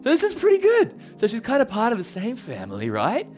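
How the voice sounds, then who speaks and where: A man preaching a sermon as pastor, conversational and animated, laughing often as he talks. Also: extremely high pitch, brisk, faint music behind.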